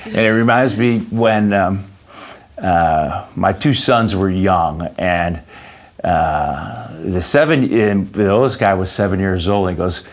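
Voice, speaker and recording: A man with a very low voice answers an interviewer at length. He speaks haltingly, full of fillers and restarts, and often drifts into personal anecdotes. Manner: anecdotal storyteller. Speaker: interview guest.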